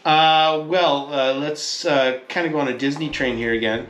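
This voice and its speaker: A man co-hosting a podcast in a casual chat, joking and animated, and he swears freely. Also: a little high, moderate pace, roomy sound, a little hiss or hum. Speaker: podcast co-host.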